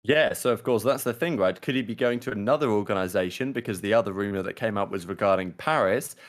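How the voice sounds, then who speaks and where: A man's voice: lowish voice, quick pace. A young man co-hosting a casual esports podcast, rambling and thinking aloud with lots of fillers. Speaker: podcast co-host. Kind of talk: casual esports talk show chat.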